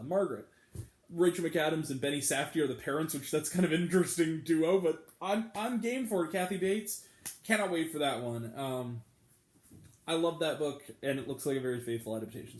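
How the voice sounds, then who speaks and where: A man's voice: on the high side, a little mellow, echoey room. A man hosting a movie review video, chatty and enthusiastic, with bursts of swearing. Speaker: movie review channel host. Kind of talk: casual talk-to-camera review vlog.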